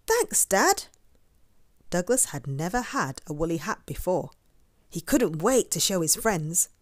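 A woman reading a children's picture book aloud, expressive and stopping to ask the listener questions. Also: lowish voice, normal speed, no room sound, studio quality. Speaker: storyteller. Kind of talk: children's story read-aloud.

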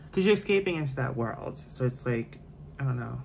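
A man doing his makeup for the camera and chatting the whole time, opinionated and easily sidetracked. His voice sits at a middling pitch, and faint noise hums in the background. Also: expressive, a little fast, creaky, darkish tone. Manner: chatty, opinionated, goes off on tangents. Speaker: beauty vlogger. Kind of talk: casual chat during a makeup tutorial.

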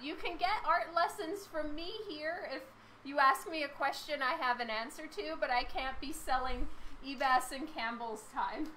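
A woman artist chatting casually with her live-stream viewers while she draws, laughing often, her voice a little hoarse. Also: high-pitched, bright, forceful tone, a little hiss or hum, low-quality recording. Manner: chatty, laughs often, reads and answers chat. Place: home studio with a fan running.

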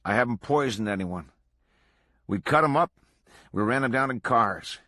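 A man voicing an excitable male murderer who boasts eagerly of killing, in a raised voice. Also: medium pitch, normal speed, no echo, clean studio sound. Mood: gleeful.

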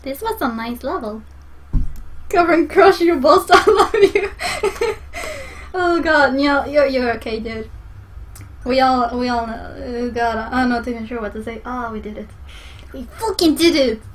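High-voiced excitable Swedish woman streamer. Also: unhurried. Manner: excitable, swears a lot, laughs often, swings from shouting to soft. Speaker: game streamer. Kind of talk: excited live gaming stream chat.

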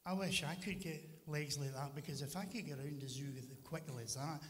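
A man's voice: a little high, fairly quick, fairly bright tone, a little hiss or hum, natural voice. A man voicing an eager, boastful young elephant who keeps gaining new body parts, told as a children's story in a church hall. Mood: delighted. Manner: eager, delighted exclamations.

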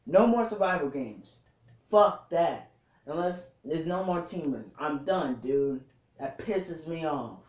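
A gaming channel creator talks over a match in loose, casual commentary. The delivery is unhurried and drawn out, full of irritated swearing and the same grievance repeated again and again. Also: mid-range voice. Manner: frustrated, swearing rants with much repetition.

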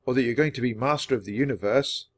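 A man voicing a cheerful, kind young girl in a storybook reading, talking brightly and earnestly. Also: medium pitch, quick pace, voice pushed up, natural voice.

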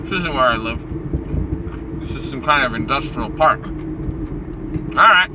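A man's voice: mid-range voice, lively intonation, slow, muffled recording. A man telling a story in a casual vlog, sarcastic and rambling, and he gets heated. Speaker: vlogger. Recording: noisy street and car background.

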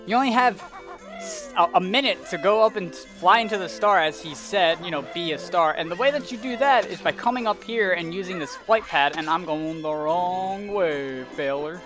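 A man's voice: high-pitched, sing-song, normal speed, music in the background. A young man giving rambling gameplay commentary, easily exasperated and ranting at the game. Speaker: let's play commentator.

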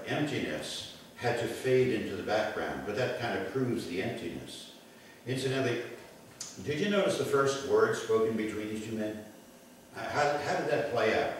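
A man preaching a sermon in an animated way, swinging from loud calls to soft, low lines. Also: a little hiss or hum. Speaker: pastor. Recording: echoey room, mic far off.

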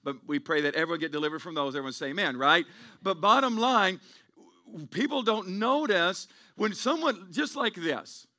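A middle-aged man preaching a church sermon in a high, ringing voice. He rambles and circles back on his words, then builds to forceful, emphatic peaks. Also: lively intonation, normal speed. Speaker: pastor.

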